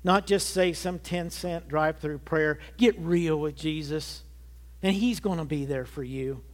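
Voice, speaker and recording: A man's voice: fairly high pitch, measured pace. A man in his early sixties preaching a sermon, giving an earnest personal testimony that builds to emphatic peaks. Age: 60s. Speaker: pastor.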